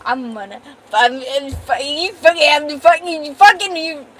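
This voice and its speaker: A woman's voice: high-pitched, measured pace, a bit bright, a little hiss or hum. A woman streamer in casual live-stream chat, trading profane, playful mock-angry banter.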